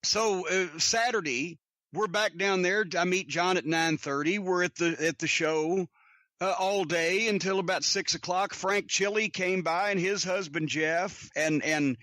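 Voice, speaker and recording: A man's voice: sits high, a little slow, bright, forceful tone, dry recording, clean studio sound. A man hosting a podcast, telling rambling anecdotes in a casual, profane way. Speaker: podcast host. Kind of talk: casual storytelling.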